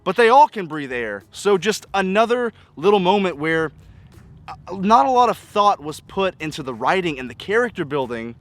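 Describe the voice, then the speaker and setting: Exasperated man with a higher voice. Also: big pitch swings, normal speed, fairly bright tone, faint music behind. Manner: exasperated, nitpicking, piles up rhetorical questions. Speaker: film reviewer. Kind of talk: casual spoken movie review.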